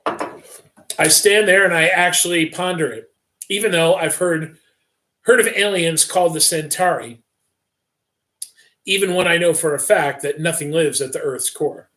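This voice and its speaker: A man reading a first-person story aloud on a livestream, with steady, plain delivery. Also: a little high, a little slow, long pauses. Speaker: story reader.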